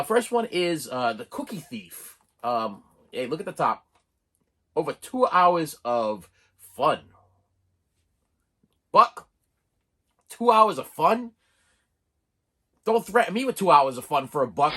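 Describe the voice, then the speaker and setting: This middle-aged channel host sounds slightly bright and sits on the higher side. Chatting casually to camera about a movie haul, he wanders along with lots of restarts, stumbles and little laughs.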